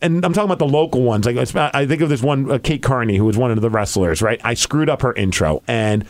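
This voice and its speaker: A young man hosting a podcast, telling a story in an excited, rambling way and saying "like" a lot. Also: mid-range voice, quick pace. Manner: excited, rambling, heavy use of "like". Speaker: podcast host.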